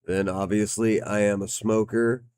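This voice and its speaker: A man's voice: lowish voice, little pitch movement, a little slow, a little mellow, a little hiss or hum. A man giving casual gameplay commentary as a game reviewer. He is slightly out of breath, swears now and then and reads game text aloud. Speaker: game reviewer playing on stream.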